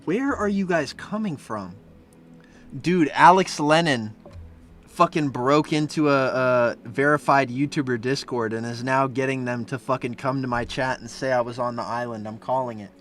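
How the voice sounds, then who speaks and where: A young man streaming as he reviews fan art, chatting casually and breaking into loud, profane rants. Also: mid-range voice, normal speed, soft background music. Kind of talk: live-stream commentary.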